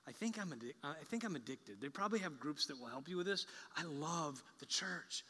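A pastor with a high, bright voice preaches his sermon in a loose, joking, conversational way that swells into excited bursts. His voice rings out with long reverb through a large sanctuary that has a balcony. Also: fairly quick, slightly rough. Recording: echoey large church hall.

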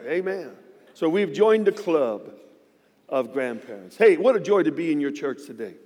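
A man in his fifties, a guest pastor, preaching a sermon in a church with lively, joking storytelling. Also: a little high, normal speed, big-room sound. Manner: animated storytelling with joking asides. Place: church sanctuary.

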